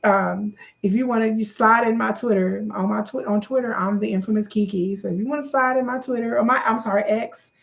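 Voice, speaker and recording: A woman talking casually to her own channel's viewers, sassy and joking, repeating herself and jumping high when she gets worked up. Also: steady tone, brisk, vocal fry, hardly any pauses. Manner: sassy, joking, loose and repetitive. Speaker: YouTube creator. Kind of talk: casual chat to camera.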